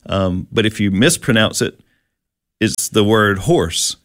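A man co-hosting a conversational Bible-teaching talk, reading verses slowly and chatting in a relaxed way. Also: on the low side, no echo, studio quality. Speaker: co-host.

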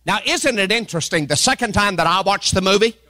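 A man preaching a sermon as pastor, acting out quoted voices with humor and building to sing-song, shouted emphasis. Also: sits high, lively intonation, quick pace.

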